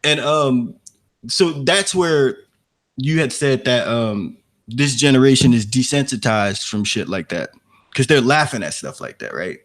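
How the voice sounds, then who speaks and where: A man in a middle-pitched voice rambles through a movie discussion with a friend. He talks in loose slang, and his sentences trail off and restart. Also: expressive, unhurried. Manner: slangy, rambling, says bruh and dog. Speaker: podcast co-host. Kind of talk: casual movie review chat.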